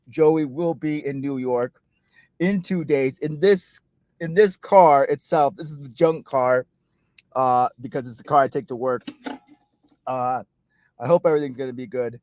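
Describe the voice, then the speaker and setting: A man's voice: mid-range voice, normal speed, a little mellow, no echo. A man hosting a cricket channel, chatting casually and jokily from inside his car, rambling and poking fun at himself. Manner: rambling, jokey, self-mocking. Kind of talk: casual vlog chat.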